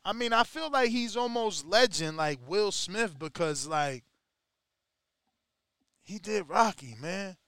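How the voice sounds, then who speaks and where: A man hosting a casual podcast, talking with animated, slang-heavy, profane energy. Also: high-pitched, slow, pauses often, smooth, no room sound, studio quality. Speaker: podcast host.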